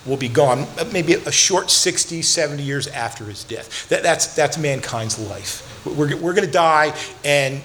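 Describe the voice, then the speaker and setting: A man's voice: a little high, measured pace, hardly any pauses, a bit bright, a little hiss or hum. A man preaching a sermon as a pastor, earnest and direct, repeating words for emphasis and turning to speak to the children in the congregation. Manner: earnest, repeats words when stressing a point.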